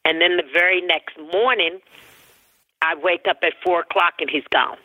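A woman guest telling a personal story in an interview, animated, acting out the voices of the people in it. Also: on the low side, moderate pace, no echo. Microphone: telephone. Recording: tinny phone line.

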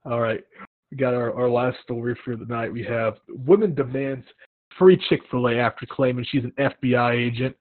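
A young man hosting a casual chat, telling animated stories and acting out what people said. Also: medium pitch, moderate pace, dry recording. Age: young adult. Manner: animated storytelling with acted-out quotes. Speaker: podcast host. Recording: tinny phone-like line, dry.

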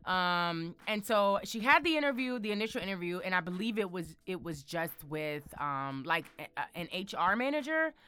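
A woman's voice: on the low side, lively intonation, normal speed, hardly any pauses, pushed and bright, smooth, no room sound. A woman hosting a casual motivational talk, sassy and emphatic, calling the listener honey. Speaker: show host.

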